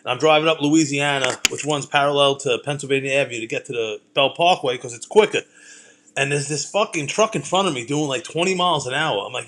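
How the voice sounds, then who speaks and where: A man's voice: medium pitch, a little fast, fairly bright tone. A middle-aged man, ranting in a profane, rambling way as he hosts a casual talk show. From Brooklyn, New York. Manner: profane, rambling, heated storytelling. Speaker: podcast host.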